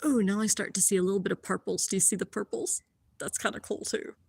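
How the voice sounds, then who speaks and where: A woman hosting a live stream of a lunar eclipse, explaining the view and gushing with awe, often dropping to a hushed whisper. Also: medium pitch, fairly even intonation, fast talker, vocal fry, breathy edge, no echo. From Columbus, Ohio area. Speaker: livestream host showing a telescope view. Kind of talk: live-streamed stargazing commentary.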